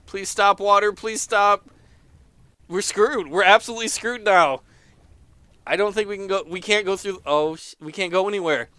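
Excitable man commenting on a game. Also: high voice, moderate pace, smooth, dry recording. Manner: exclaiming, laughing, reading game text aloud. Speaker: let's player. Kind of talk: casual gameplay commentary.

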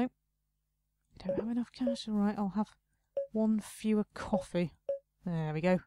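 A woman hosting a gaming video gives casual let's play commentary, talking to herself, muttering and playfully scolding the game's customers. Her voice is medium-pitched and dark, in a dry, studio-quality recording.

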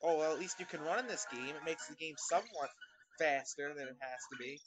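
A man commentating over his own gameplay, ranting in constant profane exasperation at a slow game. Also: on the high side, poor audio. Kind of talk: let's play commentary. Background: video game music.

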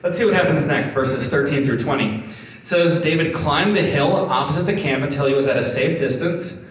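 A man's voice: a little high, moderate pace. Man, pastor, sermon, chatty with laughing asides, very echoey hall, distant mic. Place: church hall.

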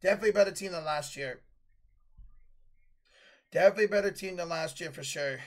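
A man streaming live play-by-play commentary, calling big plays loudly, then chatting casually with viewers and swearing freely. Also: high-pitched, fast.

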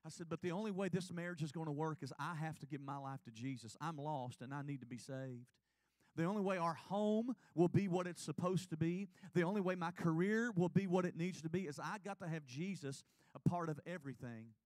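High-voiced preacher telling his testimony. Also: brisk, a little mellow, dry recording. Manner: earnest, confessional storytelling. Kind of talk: sermon testimony. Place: church sanctuary.

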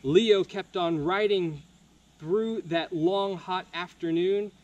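A young man reading a picture book aloud at a virtual campfire, slow and expressive. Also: high voice, dull audio. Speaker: camp counselor.

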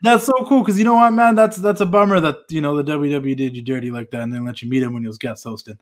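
A man's voice: on the high side, fast talker. A man hosting a casual interview, reacting with enthusiasm and casual swearing. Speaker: interviewer, host.

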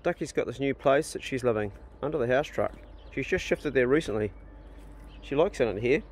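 A man's voice: medium pitch, animated, a little fast, a little mellow, slight background noise. A man, casually vlogging outdoors on his rural property and coaxing his dogs and ducks in a sing-song voice. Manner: easygoing, chatty, coaxing animals in a raised sing-song voice. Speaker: vlogger feeding his dogs and farm animals. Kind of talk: casual outdoor vlog, talking to animals. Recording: music playing behind the voice.

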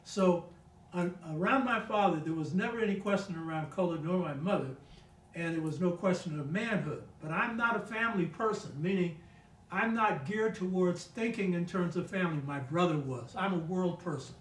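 In a rough recording with a little hiss or hum, an older talk show guest shares family stories in a casual, emphatic storytelling style, asking "you know what I mean?" often. His high voice moves at normal speed, sounding reverberant and far from the mic.

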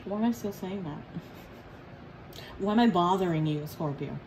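A woman's voice: on the low side, measured pace, a little mellow, a little hiss or hum, rough recording. A woman giving a casual tarot reading, blunt and profane, joking and teasing as she talks. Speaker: tarot reader.

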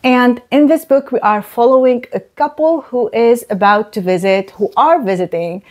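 A woman's voice: on the high side, moderate pace, darkish tone. A woman giving casual, emphatic book reviews to camera, often repeating words for stress.

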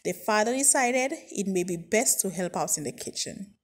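Woman narrator for a read-aloud children's story, husky, mid-pitched, steady. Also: normal speed.

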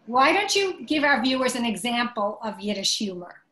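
A woman host, an editor, reading a scripted introduction and then interviewing a guest on a video call, measured and clear. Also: fairly high pitch, sing-song, sharp tone. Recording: echoey room on a video call.

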